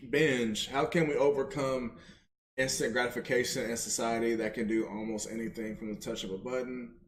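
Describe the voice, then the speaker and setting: Emphatic man in an echoey room. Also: normal speed. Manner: emphatic, repeats phrases, animated pitch jumps. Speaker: podcast co-host. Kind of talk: casual podcast chat. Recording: roomy echo.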